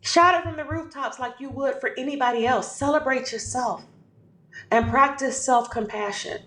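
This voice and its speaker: Emphatic woman giving pep talk. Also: high-pitched. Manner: emphatic, repetitive affirmations, calls listener baby. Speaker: podcast host. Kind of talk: motivational talk. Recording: echoey room.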